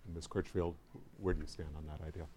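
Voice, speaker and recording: A man moderating a debate, putting brisk, direct questions to the candidates. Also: low voice, fairly even intonation, dark tone, slight background noise.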